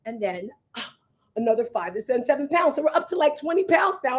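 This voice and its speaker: Lively woman fitness host in her fifties. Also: high voice, quick pace. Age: 50s. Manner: animated storyteller, acts out voices and exclamations. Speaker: fitness coach and show host. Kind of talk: casual chat to viewers.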